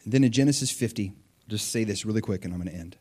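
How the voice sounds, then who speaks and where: Animated male preacher telling a story. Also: on the low side, fast. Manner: animated storytelling, acting out voices. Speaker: pastor. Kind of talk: sermon.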